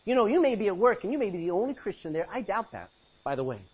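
Male pastor, animated sermon delivery, high and husky voice, lo-fi recording. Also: quick pace. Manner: animated, exhorting, rhetorical questions. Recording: muffled lo-fi recording.

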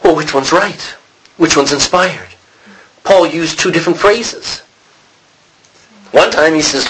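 Man, bible study teacher, husky voice, lively, quizzes the class. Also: a little high, slow pace, pauses often, low-quality recording. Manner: animated, acts out quotes, asks the class questions.

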